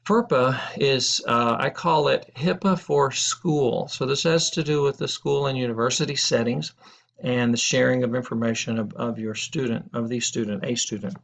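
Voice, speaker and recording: A man's voice: medium pitch, normal speed, gravelly, fairly bright tone. A middle-aged man teaching a recorded lesson in a casual, rambling way, telling anecdotes and correcting himself as he goes. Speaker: instructor. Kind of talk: casual lecture video. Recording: dull lo-fi audio.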